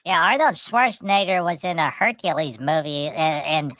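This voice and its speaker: A woman's voice: sits low, normal speed, fairly bright tone. A woman co-hosting a casual talk show, telling long stories full of fillers and restarts. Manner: rambling storytelling with many fillers. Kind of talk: casual chat.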